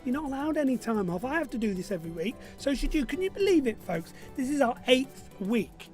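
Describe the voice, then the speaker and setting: A man's voice: extremely high pitch, very animated, fairly quick, a little mellow, soft background music. A man from Burnley, hosting an online pub quiz in a chatty, joking way and reading out viewer messages. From Burnley, Lancashire, England. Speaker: quiz host. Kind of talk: live-streamed pub quiz chat.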